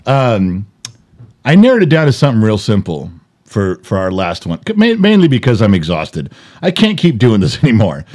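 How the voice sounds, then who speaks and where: A man's voice: lowish voice, huge pitch swings, normal speed, darkish tone. A middle-aged man co-hosting a podcast in casual chat, blunt and joking with a bit of profanity. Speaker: podcast co-host.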